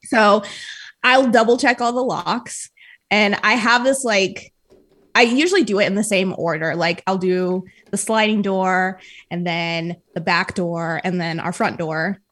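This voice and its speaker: A woman in casual podcast chat, animated and giggly, with many fillers. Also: medium pitch, a little slow.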